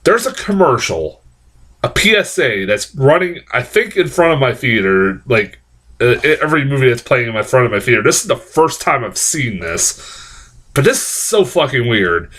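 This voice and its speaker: A man's voice: medium pitch, big pitch swings, normal speed, sharp tone. A man giving a casual spoken movie review, rambling and swearing, with many restarts and fillers.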